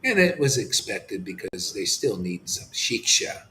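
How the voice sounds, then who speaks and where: As a spiritual teacher, a man preaches an impassioned devotional sermon, swinging from fervent near-shouts to hushed murmurs and speaking emphatically, repeating himself and tossing in a slangy "man". His voice is on the low side with big pitch swings and an unhurried pace, in a roomy, low-quality recording.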